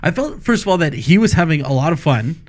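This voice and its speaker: A man's voice: on the high side, very animated, fast. A man co-hosting a casual film review chat, rambling with many restarts. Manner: rambling, frequent restarts and fillers. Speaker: podcast co-host.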